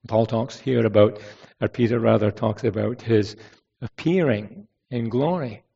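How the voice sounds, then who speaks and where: A man preaching a sermon in a measured, conversational way, asking rhetorical questions and often restarting his phrases. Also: mid-range voice, vocal fry, dark tone, breathy edge. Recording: dull lo-fi sound from some distance.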